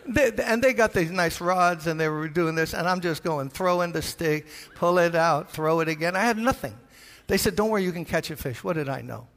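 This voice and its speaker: An older Brooklyn-raised pastor with a New York accent spins a sermon story, jumping into the voices of the people in it as he goes. His voice sits a bit high and comes out gravelly. The long reverb of a big church hall hangs around every word. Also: normal speed, hardly any pauses. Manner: animated storyteller, acts out voices. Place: large church.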